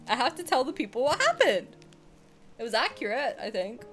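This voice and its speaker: A woman's voice: high voice, sing-song, moderate pace, faint music behind. A young woman streamer chatting casually and candidly while she plays a game, joking and swearing freely. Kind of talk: casual live-stream chat while gaming.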